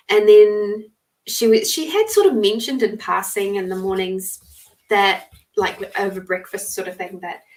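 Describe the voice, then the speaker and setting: A woman's voice: mid-range voice, distant mic. Chatty woman telling a story. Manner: chatty and rambling, greets viewers mid-story. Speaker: podcast host giving live readings. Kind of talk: casual storytelling on a live stream.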